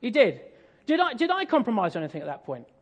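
A man's voice: high voice, wildly swooping pitch, fast talker. An English man preaching a sermon, telling a family story in a conversational way with self-deprecating humour.

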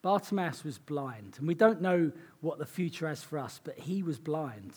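A man preaching a sermon in an earnest, conversational way, his voice hoarse and croaky. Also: fairly high pitch, expressive, moderate pace, darkish tone. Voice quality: husky, croaky.

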